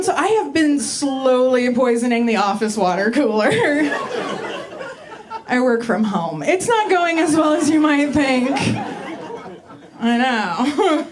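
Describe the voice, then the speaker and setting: A woman's voice: high voice, big pitch swings, slow pace. A woman in her forties doing a stand-up comedy set, chatty, crude and self-mocking, in front of a live audience. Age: 40s. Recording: live room with crowd noise. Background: audience laughter.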